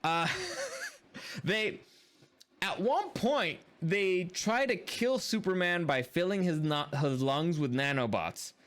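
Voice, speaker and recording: A man's voice: sits high, expressive, takes it slowly, a bit bright. A man giving a casual, rambling film review in a blunt and dismissive way. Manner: blunt and dismissive, repeats words like "dumb"; loose and rambling, with many fillers and restarts.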